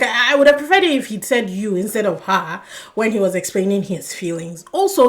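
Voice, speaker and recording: A young woman talks through a reality dating show in a casual monologue review. Her voice sits a little high, and her delivery is animated and outspoken. She swears and laughs when she gets worked up.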